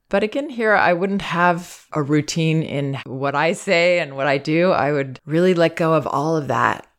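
A woman hosting a parenting advice podcast, talking in a calm, measured, thoughtful way. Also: low voice.

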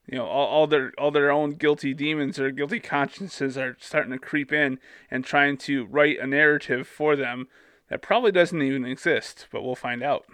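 A man's voice: a little high, steady tone, moderate pace, fairly bright tone, smooth, dry recording. A man co-hosting a casual Bible study, reading scripture aloud and adding playful asides.

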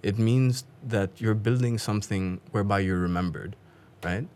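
A man with a low voice, a guest on a talk show, telling stories with lively energy. He speaks casually and warmly engages his host. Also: moderate pace. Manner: animated, lively storyteller. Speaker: podcast guest. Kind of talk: casual storytelling.

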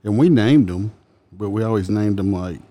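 Joking, low-voiced co-host. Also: male voice, normal speed, mellow. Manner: teasing, joking, laughing often. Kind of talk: casual banter.

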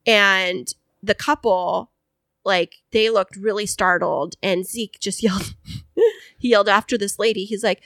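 Telling a story on the podcast she co-hosts, a chatty, animated woman acts out voices and leans heavily on fillers. She speaks at an unhurried pace in a medium-pitched voice, recorded with no room sound.

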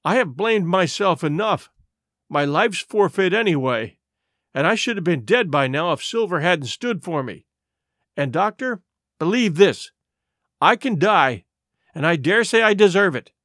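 A man's voice: high-pitched, lively intonation, a little slow, a bit bright, dry recording, clean studio sound. A man voicing an honest, brave young boy who speaks earnestly and firmly. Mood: pleading. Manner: earnest, firm.

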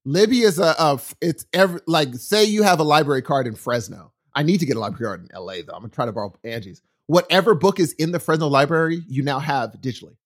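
A man chatting casually, recommending a book in a rambling, animated storytelling way with many restarts. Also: a little high, fast, few pauses. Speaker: guest sharing a book recommendation. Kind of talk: casual chat. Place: from California.

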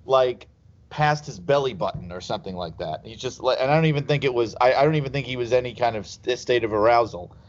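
A man's voice: mid-range voice, quick pace. A man telling stories in a casual chat, rambling and laughing as he goes. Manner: rambling, laughs through anecdotes. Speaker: podcast guest. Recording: slightly dull lo-fi sound.

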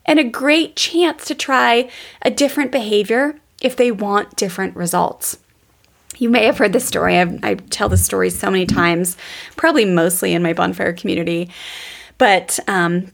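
A woman's voice: medium pitch, creaky. A woman teaching parenting on a podcast, chatty and storytelling, often calling her listeners "guys". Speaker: parenting educator.

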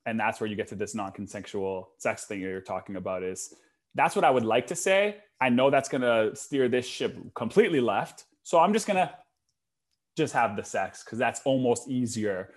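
Young man, podcast host, casual chat, animated storytelling, mid-pitched voice. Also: normal speed. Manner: animated storytelling, acts out quotes. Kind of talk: casual conversation.

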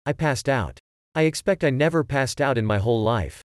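A man's voice: mid-range voice, lively intonation, moderate pace, no room sound, clean studio sound, lightly acted. A man voicing a terrified young man who pleads that he needs a doctor. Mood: distraught. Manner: distraught, pleading, panicky.

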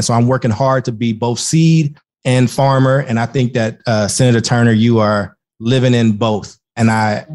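A man's voice: medium pitch, fairly even intonation, a little mellow. Earnest man, effusive interview guest. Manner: earnest, effusive, talks in quick bursts with many restarts. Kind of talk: casual interview talk.

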